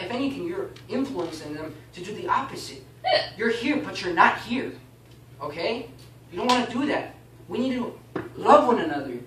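A man teaching a baptism class in a casual, animated way, often asking "okay?" and "you know?". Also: high-pitched. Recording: echoey room, mic far off, faint noise.

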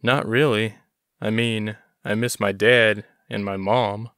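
Guarded teen runaway boy, soft and short-spoken, read by a man; close, dry sound. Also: fairly low pitch, steady tone, takes it slowly, no echo. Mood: wistful. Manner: short, quiet answers. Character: fourteen-year-old runaway boy, quiet and guarded.

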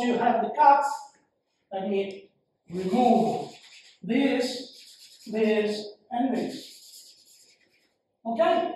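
A man giving a university lecture, slow and halting, with frequent fillers and repeated phrases. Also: extremely high pitch, darkish tone, a little hiss or hum. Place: lecture hall. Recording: very echoey room, mic far off.

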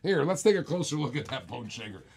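A man's voice: mid-range voice, sing-song, fast, vocal fry, slightly rough. A man hosting a live-streamed auction, calling bids in a chatty, joking way and repeating each bid.

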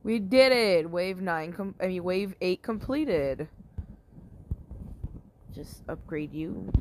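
A woman's voice: lowish voice, animated, slow pace, long pauses, a little mellow. A woman giving casual commentary while playing a mobile game, swearing often and yelping when things go wrong. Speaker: gamer.

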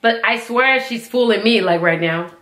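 A woman's voice: on the high side, moderate pace, a bit bright, echoey room. An American woman hosting a reaction video, chatting casually with lots of fillers and giggles. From United States.

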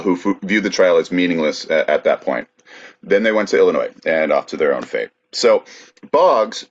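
Man, very low voice, laid-back history storytelling, dull lo-fi sound. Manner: laid-back, many fillers while recounting history. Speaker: podcast co-host presenting research.

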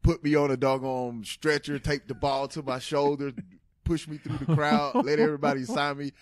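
A man in his thirties from Tennessee, a former pro football player telling stories as a guest in a casual interview, animated and laughing often. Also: fairly high pitch, normal speed.

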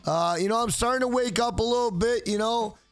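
High-voiced, profane man on livestream. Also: a little fast, no echo, soft background music. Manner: loud, profane, joking, reads chat aloud. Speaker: livestream host. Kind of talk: casual livestream chat.

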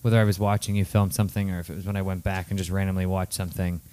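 Male co-host with a lowish voice, reads out a listener note steady and plain, no announcer polish. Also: racing, clear, resonant tone. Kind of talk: reading a listener note aloud.

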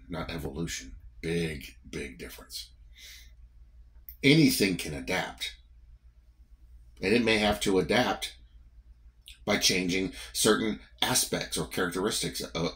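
Giving a morning devotion, a Southern-accented man from the American South preaches in a conversational, emphatic, repetitive style. His voice is low, slightly slow, and a bit bright.

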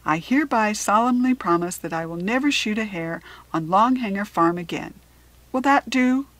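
A woman reading the lines of a middle-aged farmer father in a storybook, with a raised, hearty delivery and a breathy voice. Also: mid-range voice, lively intonation, normal speed, no room sound, natural voice.

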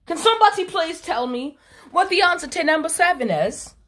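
A woman's voice: very high-pitched, animated, brisk, fairly bright tone. A young adult woman chatting casually to her phone camera, swearing freely as she talks. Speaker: vlogger. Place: bathroom. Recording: echoey bathroom.

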